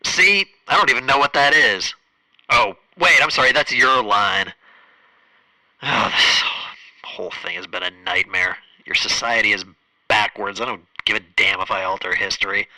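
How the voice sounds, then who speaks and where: A man hosting a comedy radio sketch, deadpan, sarcastic and exasperated. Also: on the low side, moderate pace, no echo, rough recording. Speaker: host.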